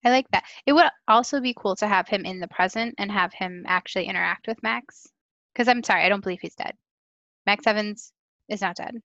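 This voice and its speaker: A woman co-hosting a casual podcast, playful and upbeat. Her voice sits at a middling pitch. The recording is slightly muffled and very dry, with no room sound. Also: fairly quick, fairly bright tone, dry recording. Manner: playful, upbeat, laughs easily. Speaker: podcast co-host. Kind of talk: casual chat.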